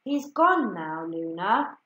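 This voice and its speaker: Woman doing a kind little fish, reassuring and sweet, slow, echoey. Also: on the low side, sing-song, fairly bright tone, highs cut off, full character voice. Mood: encouraging. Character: kind round fish, caring and encouraging. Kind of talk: storybook read-aloud. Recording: echoey room.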